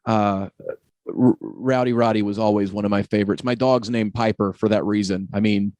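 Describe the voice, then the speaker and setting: A man's voice: lowish voice, fairly even intonation, a little mellow, dry recording. A man hosting a podcast, chatty and jokey in casual conversation. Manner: chatty and jokey, quick to laugh. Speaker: podcast host.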